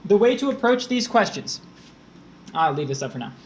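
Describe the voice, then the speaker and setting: A man's voice: high-pitched, very animated, moderate pace, slight background noise. A man tutoring test prep on a live stream, explaining grammar step by step while answering his chat.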